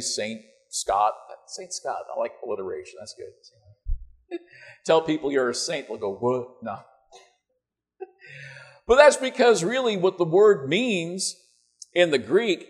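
A man preaching a conversational sermon to his church, joking in asides and checking in with "right?" and "you know". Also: fairly high pitch.

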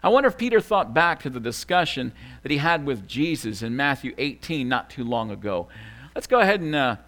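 Animated preaching man, soft to loud. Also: mid-range voice, a little fast. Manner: dramatic swings between soft hushed lines and loud emphatic ones; repeats key phrases for emphasis. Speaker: pastor. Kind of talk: sermon.

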